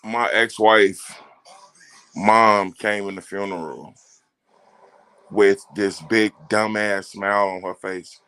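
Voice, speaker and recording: A man's voice: on the low side, slow, pauses often, smooth. A man on a casual podcast who tells stories with lots of swearing and acts out the voices of the people in them. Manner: animated, profane storyteller who acts out quotes.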